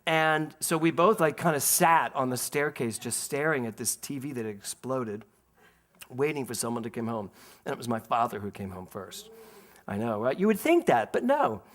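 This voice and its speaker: A middle-aged minister from Philadelphia, USA, with a mid-range voice, delivers a sermon built around personal stories. He tells his anecdotes with lively energy, laughing through them, then slows into quieter, calmer phrasing for spiritual teaching.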